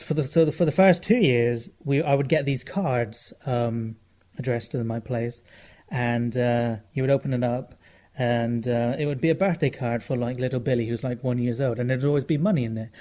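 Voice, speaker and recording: A man's voice: mid-range voice, normal speed, dark tone. A man with a British accent co-hosting a casual comedy podcast, telling rambling, self-mocking stories with crude jokes. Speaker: podcast co-host.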